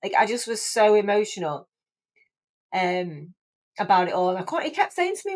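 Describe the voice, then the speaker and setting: A woman's voice: medium pitch, animated, a little fast. A woman in her forties, a podcast guest, telling her story in casual, chatty talk full of restarts and "like"s. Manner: chatty, emotional, many restarts and "like"s. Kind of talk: casual chat.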